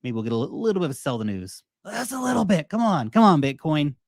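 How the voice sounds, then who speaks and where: An Australian man hosting a casual crypto market show, animated and joking, often mimicking investors. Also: a little high, fast talker, vocal fry, dry recording, clean studio sound. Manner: animated, joking, mocks investors in put-on voices. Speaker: crypto video host.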